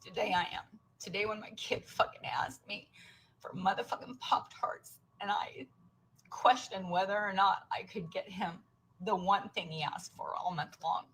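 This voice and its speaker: A woman's voice: mid-range voice, moderate pace, a bit bright, slight background noise, poor audio. An American woman, a working mother, venting tearfully to camera in a raw, profane rant that drops into whispers.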